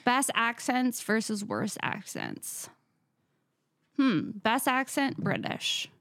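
A woman's voice: a little high, sing-song, slow, fairly bright tone, dry recording, studio quality. A young woman co-hosting a podcast, chatting casually in a blunt, joking, profane way. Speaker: podcast co-host. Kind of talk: casual chat.

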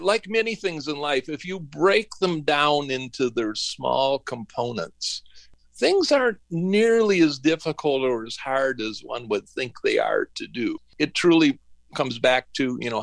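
A man's voice: fairly high pitch, vocal fry, a bit bright, no echo. A middle-aged man from northern Michigan, an interview guest telling rambling, folksy stories about his working life and acting out the dialogue. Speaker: interview guest, woodworking business owner. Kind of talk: casual storytelling interview.

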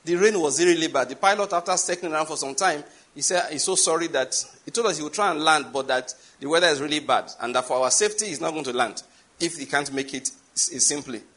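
A man with a Nigerian accent preaching a sermon, telling a story with emphatic stress, jumping high and loud on key words. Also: fast.

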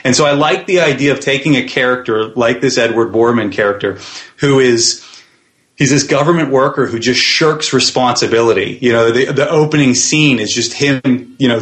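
A man's voice: mid-range voice, normal speed, a bit bright. A man, guest on a podcast, describing his web series in a thoughtful interview style with plenty of fillers and restarts.

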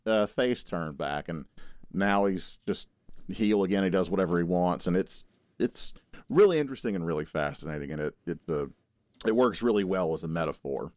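Deep-voiced man in casual podcast chat. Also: normal speed, no room sound. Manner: animated, swears casually, teasing. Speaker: podcast co-host.

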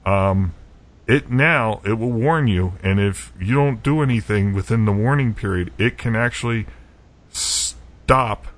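A man's voice: fairly low pitch, measured pace. A man co-hosting a podcast, talking casually with many restarts and fillers. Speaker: podcast co-host. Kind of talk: casual chat.

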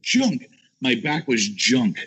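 A man chatting casually as a guest, telling lively stories, acting out quotes and swearing freely. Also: medium pitch, slow pace. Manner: animated storyteller, acts out quotes, swears. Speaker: guest, chef. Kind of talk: casual chat.

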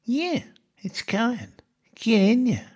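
A man putting on a brash Australian barbecue bloke with an Australian accent, shouting and stammering. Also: extremely high pitch, very animated, takes it slowly, husky, voice pushed up, heavily acted. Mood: rowdy.

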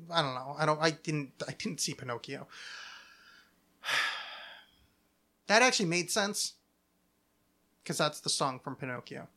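A man's voice: on the high side, unhurried, pauses often, sharp tone. A man hosting a podcast in casual chat, rambling and full of fillers and self-corrections. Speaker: podcast host.

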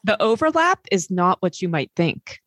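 A woman's voice: mid-range voice, very animated, normal speed, no echo, clean studio sound. A woman podcast host, chatty and fond of telling stories, interviewing a guest remotely. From Maryland, United States. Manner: chatty, warm storyteller, many fillers. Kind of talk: casual interview chat.

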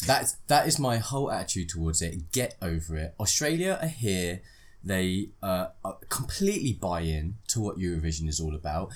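A man with a fairly low voice co-hosting a podcast and airing his views without softening them. His talk is conversational and outspoken. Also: lively intonation, moderate pace. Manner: blunt, opinionated. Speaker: podcast co-host. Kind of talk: casual chat.

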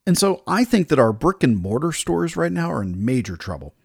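A man's voice: on the high side, very animated, fairly quick, gravelly, slightly rough, no echo, studio quality. A man hosting a podcast, telling a story in an exasperated, casual way and acting out the other people's lines. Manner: exasperated, retells dialogue in other voices. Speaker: podcast host.

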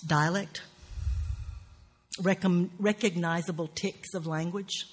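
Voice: medium pitch, fairly even intonation, slow, slightly rough. A writing teacher with a Southern US accent, lecturing on craft in an earthy, profane, wry way with folksy grammar.

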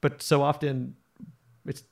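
A man's voice: mid-range voice, flat delivery, slow pace, gravelly. A man hosting a Bible study podcast, talking in an earnest, teacherly way and often repeating words as he thinks. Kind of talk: casual Bible study talk.

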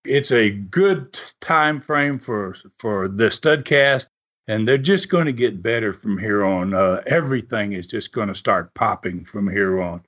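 A man's voice: fairly low pitch, lively intonation, measured pace, fairly bright tone. A man hosting a podcast, telling a story at an easy pace with plenty of "uh" fillers. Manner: rambling, full of "uh" fillers. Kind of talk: casual storytelling. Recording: dull lo-fi podcast audio.

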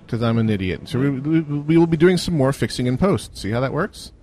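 A man hosting a casual internet radio show, teasing his callers with quick banter. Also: mid-range voice, expressive, warm tone, a little hiss or hum. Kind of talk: casual chat.

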